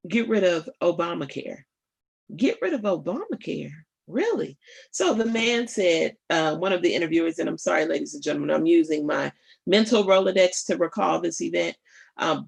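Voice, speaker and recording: A woman hosting a live radio show, giving political commentary in an emphatic, rhetorical way and speaking straight to her listeners, with pauses and fillers as she thinks aloud. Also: on the low side, vocal fry, husky.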